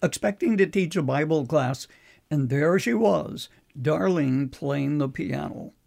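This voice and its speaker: An older man, a preacher, earnestly recounting a personal story in a measured way. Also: fairly high pitch, creaky, darkish tone.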